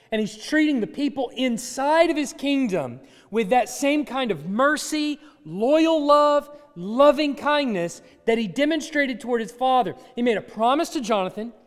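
A man with a high voice delivers a conversational sermon from the pulpit and playfully coaxes his listeners. His words ring out with a long reverb through a church sanctuary. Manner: conversational, playfully coaches the congregation. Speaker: pastor.

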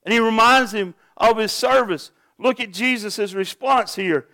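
A man's voice: high-pitched, unhurried, creaky, bright, forceful tone, no room sound. A pastor preaching a sermon to his congregation, earnest and asking them direct questions.

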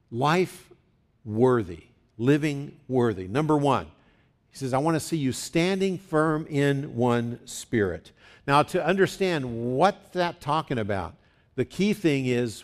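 A middle-aged male pastor preaching a conversational sermon, teaching plainly and leading the congregation to repeat words after him. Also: mid-range voice. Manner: conversational, teaching, leads the congregation in call and response.

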